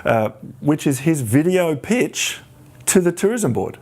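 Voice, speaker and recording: A man hosting a podcast, telling stories in a casual, animated way and acting out the people he quotes. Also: fairly high pitch, a little slow, slightly rough. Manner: animated, acts out quoted voices. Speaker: podcast host. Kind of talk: casual storytelling chat.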